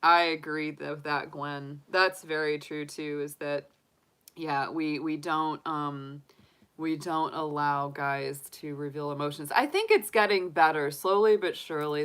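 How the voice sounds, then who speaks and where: A woman's voice: low-pitched, a bit bright, clear, resonant tone. A woman, hosting a tarot live stream, chatting openly and emotionally with viewers and laughing often. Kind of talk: casual live-stream chat.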